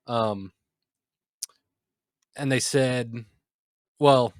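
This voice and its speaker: A man's voice: mid-range voice, drawn-out words, dry recording, clean studio sound. Exasperated man ranting on a podcast. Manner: exasperated, animated storytelling. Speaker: podcast co-host. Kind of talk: casual ranting story.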